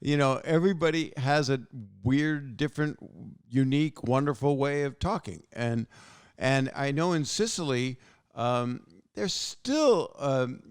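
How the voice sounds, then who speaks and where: A man hosts a podcast, joking and wandering through his thoughts in casual conversation. His voice is smooth and resonant at a middle pitch. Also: a little slow. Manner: joking, rambling, restarts often. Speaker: podcast host. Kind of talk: casual chat.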